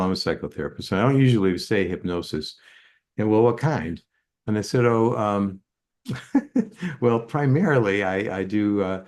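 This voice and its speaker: An older man, a psychotherapist, telling stories in an interview with many fillers and restarts. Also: sits low. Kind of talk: anecdotal storytelling in an interview.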